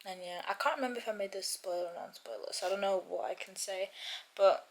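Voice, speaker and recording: A woman's voice: mid-range voice, quick pace, creaky, poor audio. A young woman talking casually to her camera in a reading vlog. She rambles in a chatty way and gets emotional about the book. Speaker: book vlogger.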